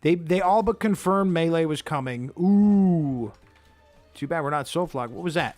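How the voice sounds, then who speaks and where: Guy chatting through his game run, kinda high voice, jumps around a lot, talks himself down for laughs. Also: expressive, measured pace, a little mellow, faint music behind. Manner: chatty, self-mocking, reacts aloud to gameplay. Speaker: gaming video creator. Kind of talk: let's play commentary.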